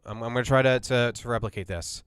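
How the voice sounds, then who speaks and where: Quiet, rambling man explaining a mix. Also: mid-range voice, quick pace, clean tone, dry recording, studio quality. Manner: rambling, self-correcting explainer. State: has a migraine, talks quietly. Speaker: audio mixing host. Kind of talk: casual mixing tutorial talk.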